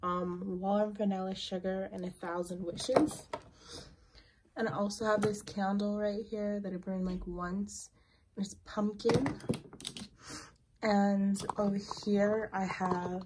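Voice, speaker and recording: A woman's voice: medium pitch, level tone, slow, noisy background. A young woman casually touring her makeup collection, rambling with lots of fillers. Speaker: beauty vlogger.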